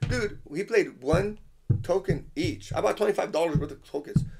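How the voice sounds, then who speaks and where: A man hosting a podcast, telling a story in a casual, animated way, swearing often and dropping in Spanish phrases. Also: sits high, normal speed, creaky, slightly rough. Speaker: podcast host.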